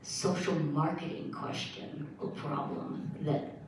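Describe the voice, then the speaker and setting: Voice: mid-range voice, fairly even intonation, slow, slight background noise. An audience member asking a question in a conversational, musing way during a lecture Q&A. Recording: echoey hall, voice from far off.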